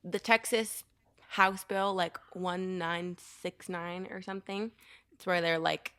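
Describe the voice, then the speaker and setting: A woman's voice: lowish voice, steady tone, slow, a bit bright, dry recording. A woman co-hosting a podcast, chatting playfully with hesitant fillers. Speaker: podcast co-host. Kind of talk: casual discussion.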